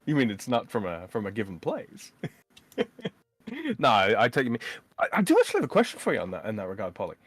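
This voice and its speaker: A man speaking as a guest in a casual chat about accents, halting and repeating words as he explains. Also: fairly low pitch, huge pitch swings, dry recording, soft background music.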